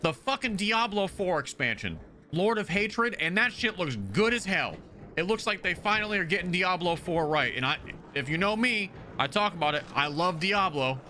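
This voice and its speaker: A man's voice: high-pitched, normal speed, slight background noise. A man streaming a game live, chatting casually with heavy swearing and stammered restarts. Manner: profane, animated, frequent stammering restarts. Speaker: gaming streamer. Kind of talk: casual live-stream chat while playing.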